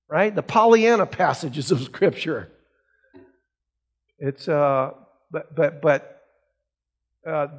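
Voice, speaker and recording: High-voiced pastor teaching a Bible class. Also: male voice. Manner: asks the class rhetorical questions; reads scripture aloud. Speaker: pastor teaching adult Sunday school.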